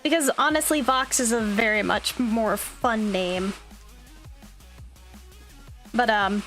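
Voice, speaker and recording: A woman's voice: a little high, slow, pauses often, fairly bright tone, soft background music. A young woman streamer chatting casually, upbeat and rambling with plenty of fillers. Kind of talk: casual chat.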